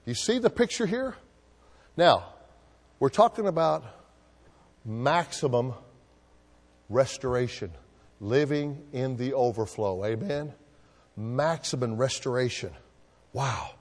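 A man preaches to his congregation, asking them to fill in the verses and answer back. His voice sits at a middling pitch and rings out with long reverb, as in a church sanctuary. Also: lively intonation, takes it slowly, pauses often. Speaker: pastor. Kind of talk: sermon.

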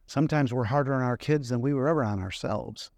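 A man's voice: medium pitch, fast talker, a little mellow, no echo, clean studio sound. A middle-aged man preaching a sermon, telling personal stories in a conversational way and asking the congregation questions.

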